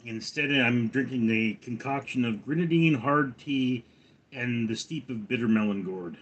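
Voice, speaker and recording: A man's voice: medium pitch, measured pace, dull audio. Slightly tipsy man chatting on a livestream. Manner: rambling, joking, answers viewers one by one. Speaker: livestream host reading chat. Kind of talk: casual livestream chat.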